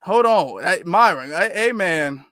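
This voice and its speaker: A man hosting reaction commentary, his voice pitched high and his tone sarcastic and mocking. The sound is dry and close, with no room echo. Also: animated, a little slow, a bit bright. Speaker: commentary channel host.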